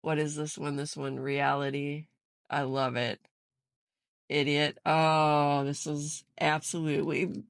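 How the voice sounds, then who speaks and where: A woman's voice: low voice, little pitch movement, slow, creaky, clean tone, dry recording, studio quality. A woman vlogging from her home craft room, opening a craft swap and bursting into giggles as she talks. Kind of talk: casual unboxing chat.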